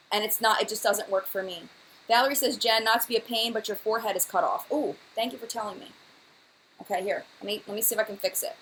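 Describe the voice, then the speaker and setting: A woman hosting a makeup livestream at home, talking quickly and chattily as she reads out viewer comments. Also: a little high, pushed and bright, slight background noise, rough recording. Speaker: beauty channel host. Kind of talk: live-stream chat about makeup. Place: home room by her dresser.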